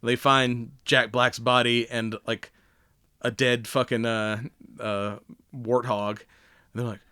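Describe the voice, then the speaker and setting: A man co-hosting a podcast in casual chat, retelling a movie scene by scene with lots of swearing, laughter and quick acted-out lines of dialogue. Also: medium pitch, clear, resonant tone, dry recording, clean studio sound. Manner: animated storyteller, swears a lot, acts out movie lines. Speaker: podcast co-host.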